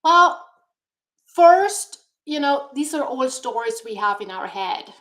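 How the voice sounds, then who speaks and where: Slow-speaking high-voiced woman guest. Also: animated, fairly bright tone. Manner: slow, deliberate, encouraging. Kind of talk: motivational talk-show chat.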